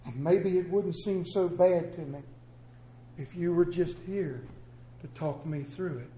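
A man playing a grieving old widower who speaks haltingly and tenderly to his late wife, later turning gruff and rousing. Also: fairly high pitch, warm tone, reverberant, natural voice, low-quality recording.

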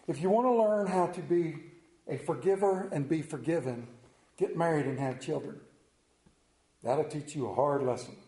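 A man's voice: on the high side, dark tone, reverberant, low-quality recording. A middle-aged male pastor preaching a sermon, telling stories with self-mocking humor.

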